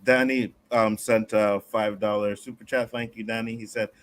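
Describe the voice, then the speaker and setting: A man from Nova Scotia hosting a casual panel discussion, profane and animated, reading out viewer messages. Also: lowish voice, normal speed. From Nova Scotia, Canada. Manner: profane, animated, acts out quotes. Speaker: panel show host.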